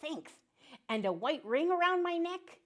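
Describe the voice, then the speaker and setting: Lady doing a high bouncy cartoon drake, cracks duck puns and quacks a lot, bright voice. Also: very animated, a little slow, heavily acted. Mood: jokey. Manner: punny, bursts into quacking. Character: joke-loving male mallard drake.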